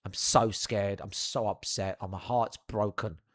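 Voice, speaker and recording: A young man telling a funny childhood anecdote in an animated, profane, theatrical way. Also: fairly low pitch, a little slow. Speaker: storyteller. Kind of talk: comedic anecdote.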